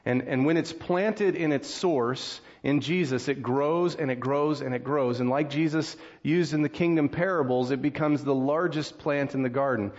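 A man preaching a sermon in a conversational way, walking through scripture and getting animated when he acts out frustration. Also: on the high side, highs cut off. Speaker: pastor.

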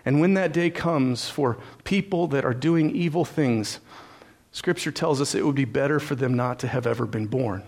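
A man's voice: mid-range voice, normal speed, a little mellow. Plain-spoken man preaching a sermon. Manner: conversational storytelling that builds into earnest preaching; frequent "uh" and "and so" fillers. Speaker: pastor.

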